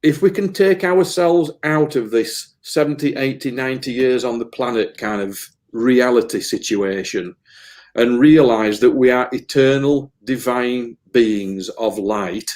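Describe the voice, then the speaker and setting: A man's voice: medium pitch, a little mellow. A man, a medium giving an earnest, emotional interview, often repeating words as he rambles. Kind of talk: casual spiritual interview talk.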